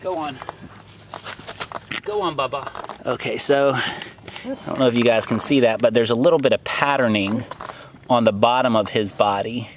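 A man's voice: medium pitch, normal speed, long pauses, noisy background. A man filming a casual farm vlog outdoors, chatting in a laid-back way while handling a snake. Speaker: farm vlogger.

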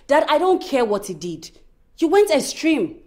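A woman playing a devoted young wife and daughter in a Nigerian film drama, pleading softly, with a Nigerian accent. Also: medium pitch, a little slow, lightly acted. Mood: defensive. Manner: pleading, soft-spoken.

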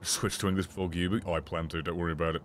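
A man streaming a video game, swearing, yelling in frustration and laughing at himself as he talks to the game. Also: low-pitched, little pitch movement, rapid-fire, a little hiss or hum. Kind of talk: casual gameplay commentary.

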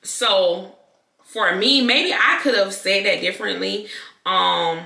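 A woman YouTuber talking candidly to her viewers, loud and expressive, in casual talk to camera. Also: mid-range voice, takes it slowly, vocal fry. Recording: echoey room.

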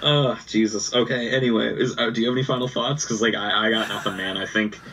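A man's voice: fairly low pitch, steady tone, quick pace, fairly bright tone. A man cohosting a casual gaming podcast in a laid-back, joking way. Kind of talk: casual chat. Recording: slightly distant mic with faint noise.

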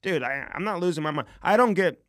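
A man co-hosting a podcast, telling a rambling story in casual chat, saying "dude" a lot and getting animated as he goes. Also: high voice, brisk, no room sound, clean studio sound. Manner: rambling, says "dude" often, gets animated retelling. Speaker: podcast co-host.

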